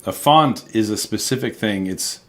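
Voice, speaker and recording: A man co-hosting a travel chat, relaxed, explaining things at length with plenty of fillers. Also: fairly low pitch, moderate pace. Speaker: co-host. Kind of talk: casual chat.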